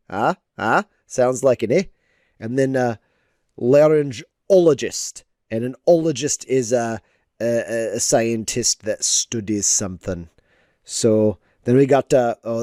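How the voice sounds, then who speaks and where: Slow, rambling man chatting while drawing. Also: medium pitch, a little mellow, no echo, studio quality. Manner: rambling, playful mock-teaching with many fillers. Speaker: digital artist streaming. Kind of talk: casual livestream chat while drawing.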